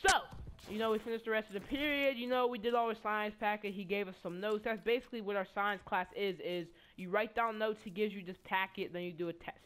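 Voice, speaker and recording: A woman's voice: medium pitch, fairly bright tone, slight background noise. A teenage girl telling a rambling, stammering story full of profanity, casually, while playing a game. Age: teens. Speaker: student vlogger.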